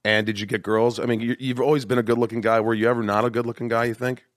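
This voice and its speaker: A man hosting a podcast, telling self-mocking stories in a casual, animated way and slipping into acted voices. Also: medium pitch, rapid-fire, no echo. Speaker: podcast host. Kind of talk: casual storytelling chat.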